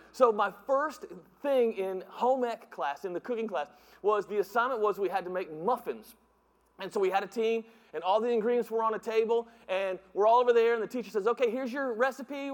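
A middle-aged man preaching in a church, with a strikingly high voice for a man. His sermon is playful and animated, full of jokes and stories told in other people's voices. Long reverb from the church hall trails behind his words. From northern United States. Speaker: pastor. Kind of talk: humorous sermon with storytelling. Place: church sanctuary.

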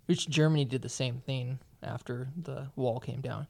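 An American man chatting casually, giving his views quickly and laughing easily. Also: mid-range voice, steady tone, vocal fry. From United States. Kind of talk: casual chat.

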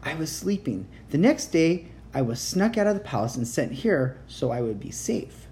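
Homesick little prince boy, stiff formal talk, low mellow voice, a woman reading it out. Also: very animated, moderate pace, a little hiss or hum. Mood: sad. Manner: formal careful speech.

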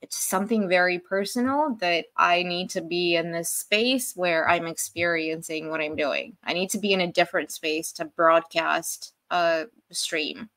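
A woman from Australia, a podcast guest in casual chat, blunt and quick to laugh. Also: fairly low pitch, a bit bright.

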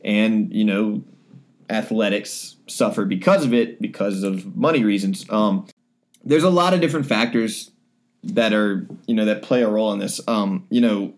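A man's voice: fairly low pitch, moderate pace. A young man co-hosting a casual sports podcast, rambling with many fillers and restarts. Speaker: sports reporter and podcast co-host.

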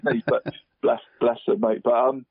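Over a dry, tinny phone line, a football pundit in his forties rambles casually as a guest on a radio show, saying "mate" in nearly every sentence. His mid-range voice has a breathy edge, little pitch movement and a normal speed, with no room sound.

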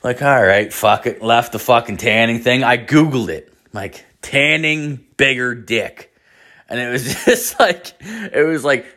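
A man's voice: mid-range voice, lively intonation, measured pace, a bit bright. A man telling a casual, rambling comedic story, swearing constantly and leaning on "like". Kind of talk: casual profane storytelling rant.

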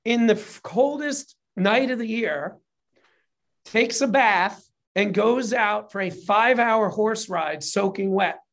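A speaker in a casual conversation, telling a history story in an animated, profane way and getting emotional at times. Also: mid-range voice, takes it slowly, gravelly. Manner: gets emotional while telling it. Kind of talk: casual chat.

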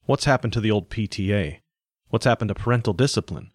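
A man's voice: lowish voice, quick pace, no echo, studio quality, close to an everyday voice. A man reading a story, voicing an earnest, frustrated male doctor who runs robot schools. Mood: exasperated. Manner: urgent, exasperated.

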